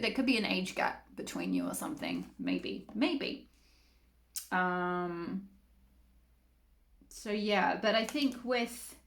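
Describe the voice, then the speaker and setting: A woman doing a relaxed tarot reading for her channel, talking in a loose, rambling way packed with fillers. Her voice has a gravelly, fry-tinged texture at a middling pitch. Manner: chatty, rambling, many fillers. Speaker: tarot reader. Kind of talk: casual spoken tarot reading.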